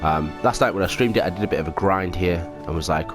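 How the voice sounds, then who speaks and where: Game music plays beneath a man's low-sitting voice as he gives casual gameplay commentary at home. He talks fast with few pauses, rambling, poking fun at himself, and saying um a lot.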